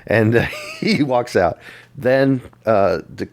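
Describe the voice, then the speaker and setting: A man's voice: mid-range voice, animated, slow. A man co-hosting a casual movie podcast, rambling through the plot with self-mocking jokes. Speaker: podcast co-host.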